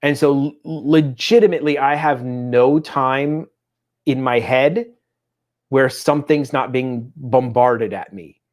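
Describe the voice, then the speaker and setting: Chatty dad telling animated stories. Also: male voice, mid-range voice, takes it slowly. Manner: chatty, animated storytelling with voiced impressions. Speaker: podcast co-host. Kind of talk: casual chat.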